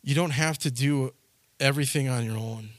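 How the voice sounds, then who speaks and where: A man preaching a sermon to his congregation, telling stories and acting out the scenes with sudden loud shouts. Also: medium pitch, moderate pace, no echo. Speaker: pastor.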